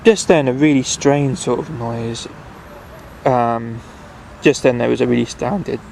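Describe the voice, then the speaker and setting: Gravelly man reading a bedtime story. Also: medium pitch, measured pace, a little mellow, slight background noise, poor audio. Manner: unpolished reading with restarts and fillers. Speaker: reader.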